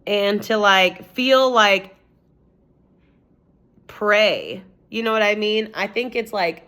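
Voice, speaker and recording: A woman's voice: medium pitch, a bit bright. A young woman talking straight to her own camera, loose and rambling as she tells a story. Her voice sits in a middle range, and she peppers everything with "like" and casual swearing. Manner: rambling, swears a lot, heavy use of "like". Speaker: vlogger.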